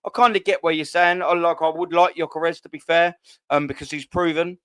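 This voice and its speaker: A man chats bluntly through a live fan stream, swearing freely and answering viewer comments. His voice sits a bit high and comes across smooth and resonant. The sound is dry and close. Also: fairly quick, no echo. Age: 30s. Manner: blunt, sweary, animated banter. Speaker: host.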